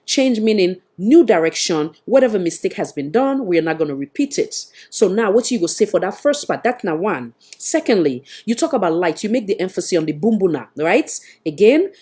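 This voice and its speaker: A woman with a Sierra Leonean accent hosts a live talk show. She speaks at a mid pitch for a woman and keeps pressing her guest with pointed, repeated questions. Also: dark tone, husky. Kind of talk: live panel discussion.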